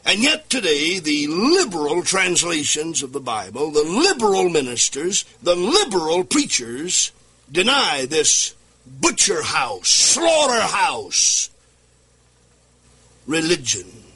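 A man preaching with fervor, his husky, bright voice climbing and falling in a lively, sing-song sweep. He drives his points home through repetition and bursts into near-shouts at the peaks. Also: fairly high pitch, unhurried. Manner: impassioned, rhythmic preaching with repeated phrases and shouted climaxes. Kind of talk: sermon.

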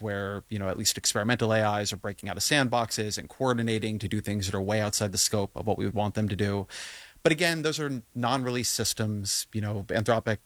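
A man hosting an interview, asking measured, probing questions. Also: fairly low pitch, a bit bright, no echo. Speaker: interview host. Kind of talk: interview conversation.

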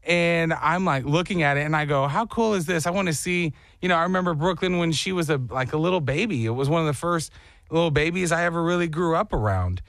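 Male radio host, higher voice, dry close sound, rambling anecdotal chat. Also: fast talker, no room sound. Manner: rambling, animated storytelling. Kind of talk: casual on-air chat.

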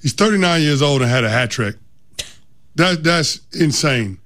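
A man co-hosting sports talk radio, talking excitedly and repeating words for emphasis. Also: on the high side, normal speed.

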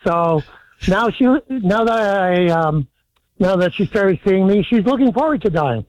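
A man calling in to a sports radio show, telling a funny story deadpan with a lot of ums. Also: high voice, a little slow, a little hiss or hum, rough recording. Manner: deadpan joke-teller, hesitant with many ums. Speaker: caller.

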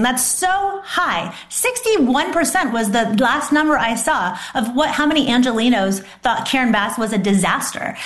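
A fired-up woman commentator, talking with emphatic conviction. Her voice sits a little high. The sound is echoey and roomy. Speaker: political guest commentator. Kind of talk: passionate political commentary.

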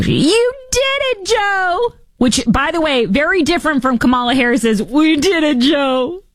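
Brief: a woman host delivering sarcastic commentary, lively swoops in her low voice, mocking throughout. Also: no echo. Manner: mocking, animated, jumps into quick impressions. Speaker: talk show host.

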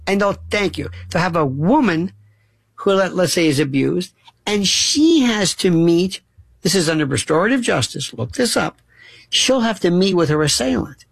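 Gravelly, animated male talk radio host. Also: high voice, moderate pace, dry recording. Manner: impassioned storytelling, acts out quoted voices.

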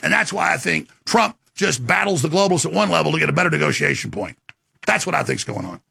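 A man hosting a talk show, delivering an emphatic rant and sales pitch with sudden swings in pitch. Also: sing-song, fast, creaky, bright, forceful tone, husky, dry recording, studio quality.

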